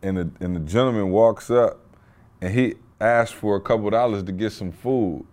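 A man co-hosting a casual podcast, telling stories in an animated way and laughing often. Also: fairly low pitch, moderate pace. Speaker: podcast co-host.

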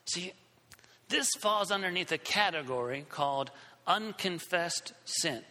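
A man's voice: high voice, lively intonation, a little slow, sharp tone, in a large hall. A man preaching a sermon, telling a story and acting out the scenes with shifting voices.

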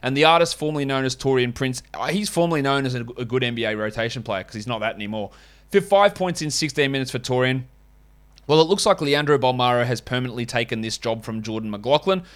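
A man's voice: mid-range voice, expressive, fast talker. Wry, rambling man. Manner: wry, rambling, self-mocking asides. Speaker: fantasy basketball podcast host. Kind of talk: casual podcast chat and host-read ads.

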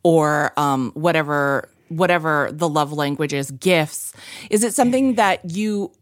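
Chatty low-voiced woman podcaster. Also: a little slow, dry recording, clean studio sound. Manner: chatty, rambling, lots of "like". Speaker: podcast co-host. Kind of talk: casual chat.

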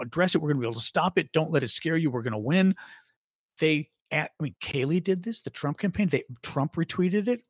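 A man co-hosting a podcast, talking in a sarcastic, animated way and mocking the voices of the people he quotes. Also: on the high side, breathy edge, no echo, clean studio sound. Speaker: podcast co-host. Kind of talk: casual political chat.

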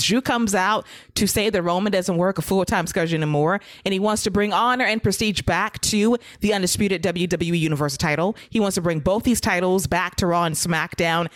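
A woman hosting a casual wrestling talk show, briskly recapping segments and acting out promos. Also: fairly low pitch, no echo, clean studio sound. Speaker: wrestling podcast host.

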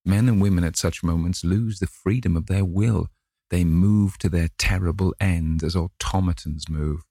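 A man narrating a classic novel in a measured way, lightly voicing the characters. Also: low voice, steady tone, no room sound, studio quality. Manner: measured reading, gently voices each character. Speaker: audiobook narrator.

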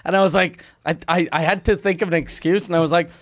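Male comedian, podcast host, a bit high-pitched, foul-mouthed storyteller who laughs at his own jokes. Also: fairly even intonation, fast talker. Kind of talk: casual podcast banter.

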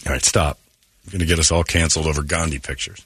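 A man hosting a morning radio show, bantering casually with wry, deadpan jokes from a studio mic. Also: extremely low pitch, quick pace, husky, no room sound. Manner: wry, deadpan joking with frequent laughs.

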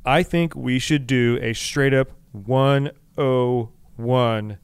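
A man's voice: mid-range voice, slow, smooth, no room sound. A man co-hosting a podcast in loose, joking casual chat, swearing now and then. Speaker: podcast co-host.

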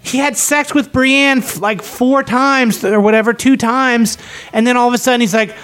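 A man's voice: very high-pitched, steady tone, moderate pace, fairly bright tone, clean tone, faint music behind. A man in casual podcast chat, ranting animatedly with heavy swearing. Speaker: podcast co-host.

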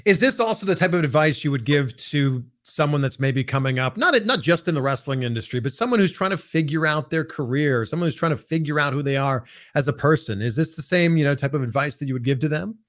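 A man hosting an interview, asking questions in a relaxed, conversational way. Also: fairly high pitch, fast, hardly any pauses. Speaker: interviewer, host.

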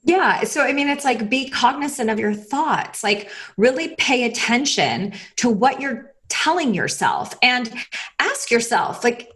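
A woman's voice: fairly high pitch, very animated, measured pace, fairly bright tone. A woman coach speaking as a guest, giving casual conversational advice in a chatty, filler-heavy way, with small laughs between phrases. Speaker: guest coach who works with clients.

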